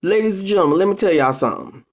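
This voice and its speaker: A video host giving casual motivational advice to viewers, an animated storyteller who keeps addressing the audience directly with emphatic, drawn-out phrases. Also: medium pitch. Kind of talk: casual motivational talk to camera.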